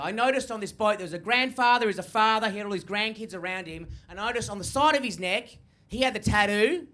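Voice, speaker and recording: Stand-up comic, young adult male, Australian accent, high-pitched and piercing, brash high-energy delivery. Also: a bit bright. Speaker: stand-up comedian. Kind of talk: stand-up comedy set.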